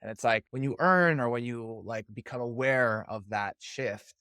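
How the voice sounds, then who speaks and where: A man's voice: medium pitch, normal speed, sharp tone, clean tone, no room sound, clean studio sound. Man hosting an interview podcast. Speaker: podcast host. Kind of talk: casual interview talk.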